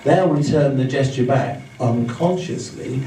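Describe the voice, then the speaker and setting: A male trainer teaching a live seminar in a room with an audience, demonstrating his points by mimicking fast and slow talkers. His voice is dark and mellow, heard from some distance away. The room is roomy and echoey, with a faint background hum. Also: medium pitch. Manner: demonstrative, acts out speeds and gestures as he explains. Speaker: communication trainer.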